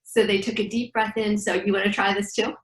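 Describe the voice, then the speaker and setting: Brief: middle-aged woman breathwork teacher, lively storyteller, recorded in a reverberant room. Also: mid-range voice, brisk. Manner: animated storyteller acting out dialogue. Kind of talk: guiding breathing exercises in an interview. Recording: echoey room.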